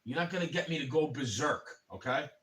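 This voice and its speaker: Speaking fairly quickly, a man with a somewhat high voice delivers an angry, profane, wandering livestream rant, addressing his listener as "bro" again and again. Now and then his fury spikes into loud shouting. The mic is a bit far from him, lending the sound a small sense of distance.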